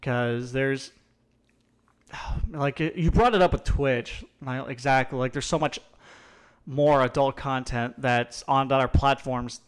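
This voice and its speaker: A man hosting a casual podcast, asking questions in a halting way with many restarts. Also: medium pitch, clean tone.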